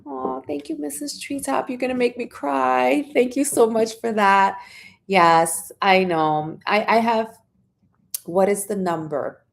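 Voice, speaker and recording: A woman hosting a casual live stream, chatting and greeting viewers by name, with sudden high squeals of excitement. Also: unhurried, creaky.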